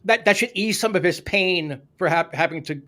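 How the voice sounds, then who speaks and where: A man's voice: high voice, normal speed, pushed and bright, slight background noise. A Canadian man co-hosting a sports podcast, ranting in a sarcastic, opinionated way. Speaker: podcast co-host. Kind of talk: casual sports podcast chat.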